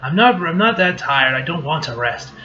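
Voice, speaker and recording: A man's voice: on the high side, lively intonation, normal speed, pushed and bright, highs cut off, a little hiss or hum. A man voicing a tired, sulky teenage girl superhero as he reads a comic aloud. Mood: weary. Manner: reading comic lines aloud.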